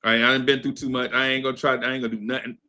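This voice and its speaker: A man's voice: mid-range voice, little pitch movement, racing, pushed and bright. A man in his fifties telling a story in a laid-back podcast chat, laughing often and asking "right?" after his points. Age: 50s. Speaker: podcast co-host. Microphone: streamed podcast mic.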